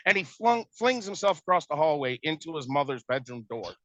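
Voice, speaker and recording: A man's voice: fairly high pitch, lively intonation, a little fast, hardly any pauses, bright, forceful tone, dry recording. A man telling a family argument in casual, exasperated storytelling, acting out what was said. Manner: exasperated, retells arguments with quoted dialogue. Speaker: stepparent telling a family conflict. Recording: dull lo-fi dry recording.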